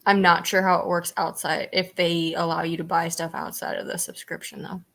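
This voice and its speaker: A woman's voice: fairly low pitch, flat delivery, fairly quick, creaky, fairly bright tone. A young woman, co-hosting a book club and explaining things casually with lots of fillers. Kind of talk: casual chat.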